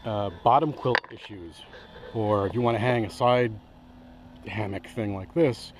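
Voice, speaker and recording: In a low-quality recording with a little hiss or hum, a man speaks unhurriedly in a voice on the low side. He reviews outdoor gear and, in this casual vlog, walks through his hammock setup among the trees. He rambles enthusiastically, frequently cutting himself off mid-sentence.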